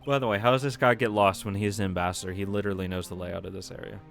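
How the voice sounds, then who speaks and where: A man hosting a game playthrough, making sardonic, deadpan asides. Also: fairly low pitch, racing, gravelly, soft background music. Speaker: let's play host. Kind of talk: game commentary.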